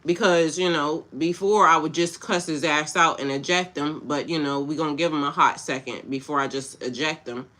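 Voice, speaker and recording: A woman hosts a spiritual reading stream, talking bluntly and casually to her viewers. Her voice has a bright, sharp edge, and she mixes slang with pep-talk advice. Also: low-pitched, moderate pace, hardly any pauses. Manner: casual, blunt, slangy, talks back to chat. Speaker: spiritual coach. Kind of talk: livestream tarot-style reading with chat.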